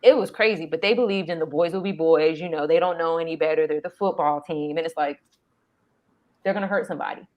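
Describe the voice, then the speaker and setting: A woman's voice: deep voice, fast talker, highs cut off. A middle-aged mother in casual chat, telling a story in a blunt, emphatic way. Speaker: mother and co-host.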